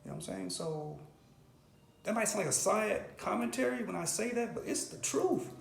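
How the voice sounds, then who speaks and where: A man's voice: sits high, lively intonation, moderate pace, vocal fry, reverberant. A middle-aged man telling his life story in an interview, earnest and emphatic, often tagging "right?" and "bro". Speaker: interview guest. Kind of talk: candid personal interview.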